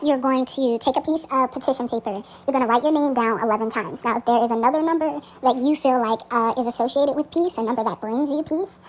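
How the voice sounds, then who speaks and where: 一位女性以随意的口吻一步步讲解一个灵性咒语的做法，常带"嗯"，偶尔说粗话。. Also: female voice, high-pitched, low-quality recording. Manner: relaxed, frequent ums, occasional swearing. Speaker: spiritual practitioner teaching a spell. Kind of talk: casual spoken tutorial.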